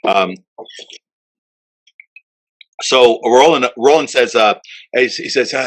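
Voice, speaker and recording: A man hosting a podcast, casually telling an animated anecdote full of fillers. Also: medium pitch, slow pace, poor audio. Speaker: podcast host. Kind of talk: casual storytelling chat.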